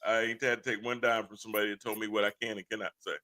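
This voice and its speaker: A man's voice: fairly low pitch, flat delivery, very fast, pushed and bright. A man hosting a casual livestream talk show, blunt and impassioned, laughing often. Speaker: host.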